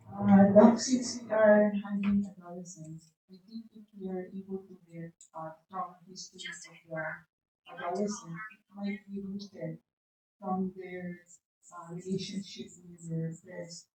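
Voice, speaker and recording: Woman, mellow voice, hesitant, echoey room, distant. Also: lowish voice, fairly even intonation, a little slow, a little hiss or hum. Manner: hesitant, many "uh" and "um" fillers. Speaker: clinician at a case meeting. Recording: echoey room, speaker far from mic.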